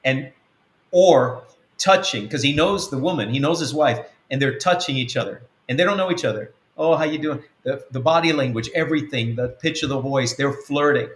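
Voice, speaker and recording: A man's voice: mid-range voice, moderate pace, fairly bright tone, echoey room. A man, an apostle of a web church, teaching earnestly through a numbered list of points, often restarting his sentences. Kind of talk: teaching talk answering a question.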